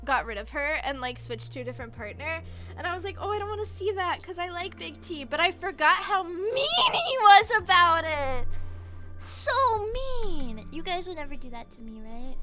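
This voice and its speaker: A woman streamer in casual chat, excitably rambling through a story with lots of "like". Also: high-pitched, unhurried, over music. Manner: excitable rambling retelling, heavy use of "like".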